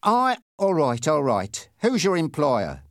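A man reading the part of a big, red-faced motorcycle policeman who taunts softly and sarcastically, then turns stern and severe. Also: fairly high pitch, wildly swooping pitch, slow, dry recording, clean studio sound, pitched above the performer's own voice, full character voice. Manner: soft sarcastic taunting that bursts into loud shouting. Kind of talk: audiobook character reading.

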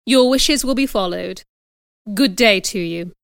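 Woman doing a stern preachy schoolmaster guy in a storybook, slow and dry. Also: medium pitch, expressive, creaky, fairly bright tone, clean tone, no echo. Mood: solemn. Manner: solemn, moralizing. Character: severe pious male schoolmaster. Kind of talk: audiobook reading.

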